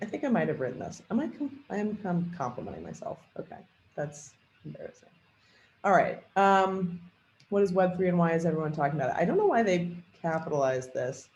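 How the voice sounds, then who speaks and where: A man leading a software training demo, thinking aloud with a lot of fillers and hesitation. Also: high voice, sing-song, brisk, a little hiss or hum. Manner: rambling, hesitant, many fillers. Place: at a computer. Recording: echoey room with faint typing.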